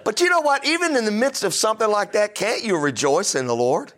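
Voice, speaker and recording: A man's voice: high-pitched, lively intonation, brisk, fairly bright tone. A middle-aged man preaching a sermon, emphatic and full of rhetorical questions. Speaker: pastor.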